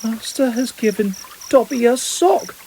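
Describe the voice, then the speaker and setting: A man voicing a small, excitable male house-elf who talks about himself in the third person. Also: very high voice, unhurried, a little hiss or hum, voice pushed up, poor audio. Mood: disbelieving joy.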